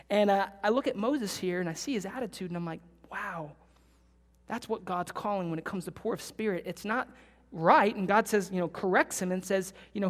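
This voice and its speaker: A woman pastor preaching an earnest sermon, building to loud emphatic bursts when she quotes scripture. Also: medium pitch. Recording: long reverb of a large hall.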